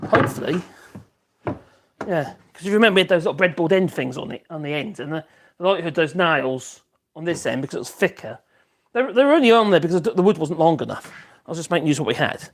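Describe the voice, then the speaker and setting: Chatty man, lively pitch. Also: fast. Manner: chatty, rambling, exclamatory. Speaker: woodworking live streamer. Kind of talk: casual live-stream chat while working. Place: home workshop, a bit echoey. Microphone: external mic.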